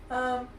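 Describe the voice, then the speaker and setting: A young woman with a Slavic accent, livestreaming and chatting playfully with viewers. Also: a little hiss or hum. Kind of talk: casual chat with live chat. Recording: roomy sound from a distant mic.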